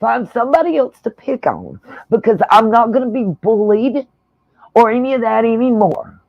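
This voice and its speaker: Fed-up woman ranting on her stream, gravelly voice, cusses a lot, dull lo-fi mic. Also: on the high side, very animated, normal speed. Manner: blunt, profane, irritated. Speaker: channel host. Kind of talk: livestream commentary rant. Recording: dull lo-fi dry sound.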